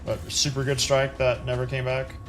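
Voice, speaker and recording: A man streaming a video game live, chatting casually and talking to himself as he plays, with an occasional excited curse. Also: mid-range voice, moderate pace, soft background music. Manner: casual, chatty, talks to himself while playing. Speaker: gaming streamer. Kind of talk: live gameplay commentary.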